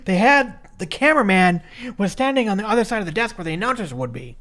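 A co-host in their thirties from Minnesota, recapping a match in loose, profane chat. The voice is mid-pitched and very expressive, rising and dropping widely. Lots of filler words and restarts keep it rambling. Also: fast. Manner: lively, swearing freely, many likes and restarts. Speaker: podcast co-host.

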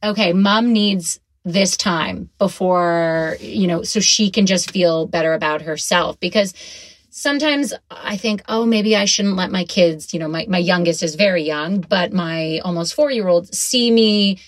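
A woman's voice: on the low side, dry recording. A woman co-hosting a casual interview, asking questions in a thoughtful, hesitant way.

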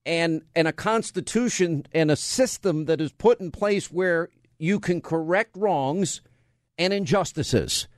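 A man with a somewhat high voice keeps a measured pace as he hosts conservative talk radio. He throws rhetorical questions around and trades banter with the studio crew, and the studio mic recording is dry.

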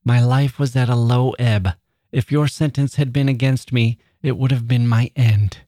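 A man voicing a frail, proud woman writer who speaks humbly and gently but will not yield. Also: medium pitch, steady tone, moderate pace, no echo, clean studio sound, lightly acted. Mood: gentle, earnest.

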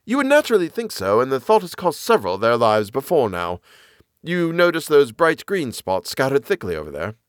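A man voicing an eager, knowledgeable naturalist man who explains the moor with lively enthusiasm. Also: medium pitch, a little fast, dry recording, clean studio sound, voice pushed up. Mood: explaining.

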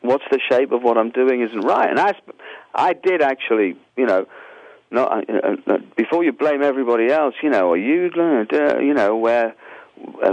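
An English man answering interview questions in a halting, rambling way, full of restarts. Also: mid-range voice, no room sound, dull audio. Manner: halting, many restarts and fillers. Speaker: musician guest.

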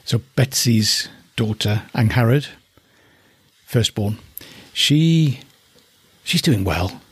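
A man's voice: medium pitch, animated, takes it slowly, slightly rough, no room sound. A middle-aged man from northeast England who keeps alpacas, chatting casually and fondly about them as he thinks aloud. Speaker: alpaca keeper. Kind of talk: casual spoken commentary.

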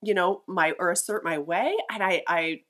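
Middle-aged mom co-host, fairly low voice, casual, thoughtful, stumbles over sentence starts. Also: female voice, normal speed, a bit bright. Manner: reflective, restarts with repeated words. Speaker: mother and podcast co-host. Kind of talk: casual chat.

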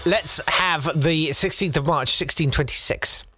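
A man's voice: fairly high pitch, measured pace, over loud music. A man co-hosting a comedy podcast, telling a history story playfully and slipping into silly voices. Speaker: co-host. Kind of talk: comic storytelling.

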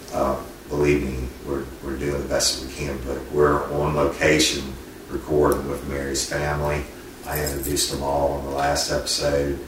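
Very deep-voiced man hosting. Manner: drawling, informal, uses "y'all". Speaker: podcast host. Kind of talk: casual interview on location. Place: family's home on location. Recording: echoey room, far mic, noisy.

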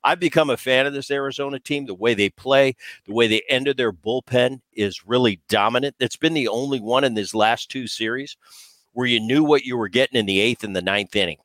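A man's voice: mid-range voice, brisk, fairly bright tone, no echo. A man co-hosting a baseball podcast, a former player who talks in a casual, emphatic way and often repeats himself as he restarts. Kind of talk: casual sports talk.

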